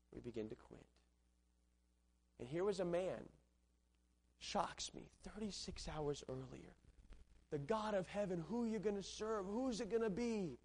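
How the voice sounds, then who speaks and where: A man's voice: fairly high pitch, darkish tone. A man preaching a sermon with rising fervor and repeated phrases. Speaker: pastor.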